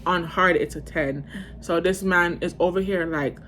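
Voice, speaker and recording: A woman in her twenties telling a storytime tale to her viewers in a casual, profane, rambling way, breaking into loud outbursts. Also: on the low side, fairly even intonation, moderate pace, a little hiss or hum. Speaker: vlogger.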